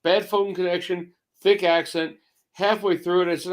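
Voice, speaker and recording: A man in his fifties co-hosting a casual chat, gruff and rambling, with restarts and swearing. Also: sits high, steady tone, moderate pace. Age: 50s. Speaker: co-host.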